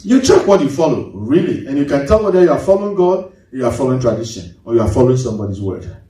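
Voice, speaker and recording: A man preaching a sermon as pastor, swinging his pitch sharply and mimicking congregants. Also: big pitch swings, quick pace, mellow. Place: large church hall. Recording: echoey hall, mic at a distance.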